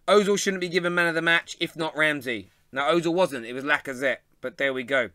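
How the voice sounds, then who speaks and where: A man's voice: a little high, brisk, few pauses, sharp tone, no room sound, clean studio sound. A young man with a London accent hosting a live fan show, chatting, laughing often and reading out viewer comments. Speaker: host.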